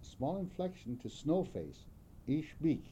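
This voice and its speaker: Slow, dark-voiced man explaining. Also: mid-range voice, lively intonation, a little hiss or hum. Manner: measured, careful, repeats example words.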